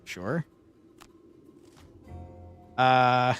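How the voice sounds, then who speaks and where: A man streaming a tactical board game, commentating as he plays and often swearing and yelling at the game in frustration. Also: mid-range voice, big pitch swings, extremely slow, pauses often, faint music behind. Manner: exasperated, swears and yells at the game. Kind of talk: gameplay commentary.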